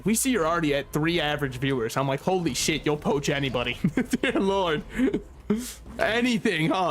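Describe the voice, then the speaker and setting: A man streaming a video game, rambling and joking with frequent swearing. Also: a little high. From United States. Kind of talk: casual gameplay commentary.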